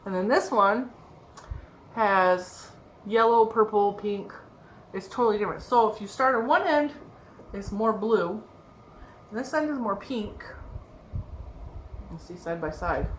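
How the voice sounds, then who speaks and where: A woman's voice: medium pitch, a little slow, pauses often. A woman vlogger in a casual show-and-tell chat about her crochet projects, rambling and laughing often. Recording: echoey room with faint background noise.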